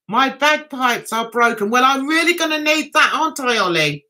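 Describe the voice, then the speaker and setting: Giggly, lively high-voiced woman. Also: normal speed, few pauses. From England. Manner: giggly, chatty, reads viewer comments aloud and answers them. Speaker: livestream host. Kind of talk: casual livestream chat.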